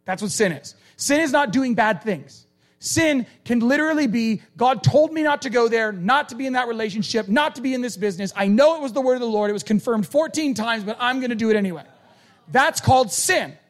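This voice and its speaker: A male preacher giving a conversational, animated sermon and acting out quoted lines. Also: extremely high pitch, brisk.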